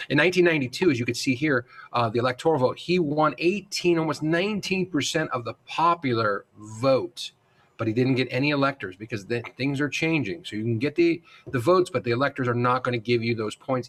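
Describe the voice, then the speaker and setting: A man's voice: medium pitch, fairly bright tone. Man giving a casual lecture. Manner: casual, addresses students as guys, many fillers and restarts. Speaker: instructor. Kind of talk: recorded classroom lecture.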